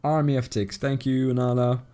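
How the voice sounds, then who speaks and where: A man's voice: mid-range voice, little pitch movement, normal speed, warm tone. A man with a non-native English accent streaming a game, chatting casually and thanking viewers in chat as he plays. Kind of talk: casual live-stream commentary while playing.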